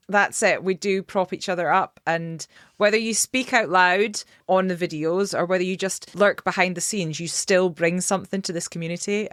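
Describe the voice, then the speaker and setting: A woman's voice: on the low side, clear, resonant tone, dry recording, studio quality. A woman hosting a podcast, encouraging her guests and laughing often. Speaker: podcast host. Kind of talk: casual podcast chat.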